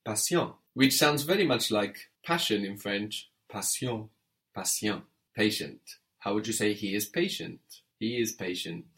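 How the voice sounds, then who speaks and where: Patient low-voiced male French teacher. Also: a little slow, fairly bright tone. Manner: patient, methodical, prompts and spells out letters. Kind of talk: audio language lesson.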